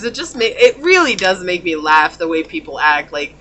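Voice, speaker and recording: Casual tarot reader, woman, bright tone, lively and laughing, slips into quoted voices. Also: medium pitch, moderate pace, hardly any pauses, a little hiss or hum. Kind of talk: casual pick-a-card tarot reading.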